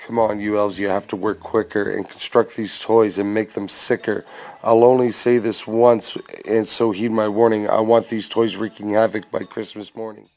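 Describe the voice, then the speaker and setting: A man's voice: fairly low pitch, little pitch movement, normal speed, a little mellow, lightly acted. A man voicing a scheming villainous mad scientist, barking bossy, threatening taunts in rhyme from a comic storybook.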